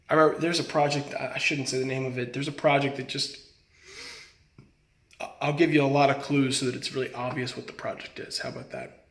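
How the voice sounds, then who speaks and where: A man's voice: mid-range voice, level tone, a little fast, long pauses, a bit bright, reverberant. A young man, an actor, talking casually to camera and giving a friend earnest, frank advice.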